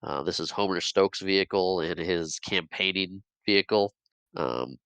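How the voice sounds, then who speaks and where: A man's voice: low-pitched, unhurried, fairly bright tone, clean tone, no room sound, poor audio. A man co-hosting a podcast, rambling through a casual film recap and laughing often. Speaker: podcast co-host.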